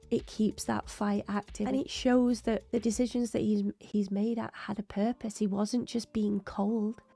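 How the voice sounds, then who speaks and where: A woman's voice: mid-range voice, gravelly, mellow. A woman hosting a TV reaction video, talking through her thoughts in long rambling runs while losing her voice. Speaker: reaction channel host. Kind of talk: TV reaction commentary.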